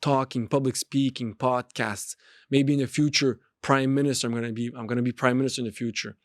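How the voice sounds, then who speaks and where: A man at a medium pitch delivers a motivational monologue on his podcast, driving points home through repetition. His voice sounds dry and close, with no room echo around it. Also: fairly even intonation, a little fast. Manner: emphatic, repeats phrases and restarts. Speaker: podcast host and street pastor.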